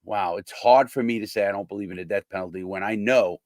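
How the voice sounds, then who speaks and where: A blunt older man hosting his own channel, speaking in a fairly low voice. He talks casually and swears freely, acting out the people in his stories. The sound is dry and close, with no room echo. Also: fast, darkish tone. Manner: blunt, conversational, swears, acts out quoted people. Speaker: host, former prisoner. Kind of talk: casual monologue to viewers.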